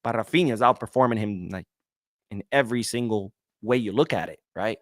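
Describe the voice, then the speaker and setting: A man hosting a casual solo podcast, reading viewer comments and answering them in an animated, outspoken way, sometimes swearing. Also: fairly low pitch, a little fast, dry recording, clean studio sound. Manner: animated, talks back to viewers, swears when worked up. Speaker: podcast host. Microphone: webcam setup, talking to camera.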